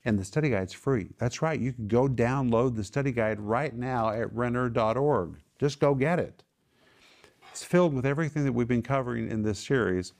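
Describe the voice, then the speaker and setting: In a mid-range voice with a darkish tone and normal speed, this man teaches the Bible to a small gathering in a home. He's a TV ministry host who stresses his points, circles back to key phrases and puts questions to his listeners.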